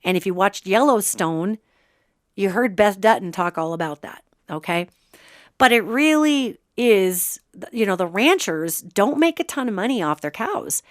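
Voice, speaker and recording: A woman's voice: medium pitch, unhurried, no echo, studio quality. A woman hosting a podcast, talking casually and with animation, breaking off to act out quoted remarks. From Montana. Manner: chatty, animated, acts out quotes. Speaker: podcast host. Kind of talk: casual spiritual commentary.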